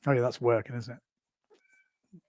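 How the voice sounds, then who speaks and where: A man's voice: mid-range voice, flat delivery, slow, darkish tone, no echo. A man in his forties hosting a casual livestream, chatting and rambling with self-amused asides while running through results. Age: 40s. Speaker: livestream host. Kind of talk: casual live commentary.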